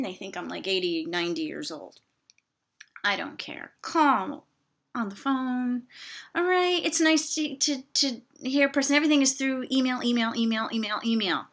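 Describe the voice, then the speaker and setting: Bright-voiced woman ranting to camera. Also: on the high side, big pitch swings, measured pace. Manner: chatty, exasperated, self-mocking asides. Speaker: vlogger. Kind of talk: casual rant to camera.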